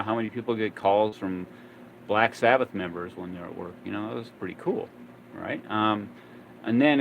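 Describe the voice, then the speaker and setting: Man in his fifties, casual rambling storyteller, mid-pitched, faint background ambience. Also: slight background noise, low-quality recording. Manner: rambling, many fillers and restarts. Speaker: vlogger.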